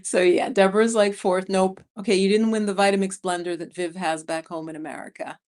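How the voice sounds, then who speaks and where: A New York City woman in her 50s hosts a casual livestream, chatting and laughing as she reads out viewer comments. She's a vlogger and animated storyteller who laughs often, talking fast in a mid-range voice through a streaming mic.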